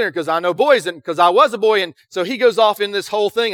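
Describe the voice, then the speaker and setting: Middle-aged male pastor, high bright voice, dry close sound, conversational sermon with acted-out quotes. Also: dry recording. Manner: storytelling with quick acted quotes and frequent "right?".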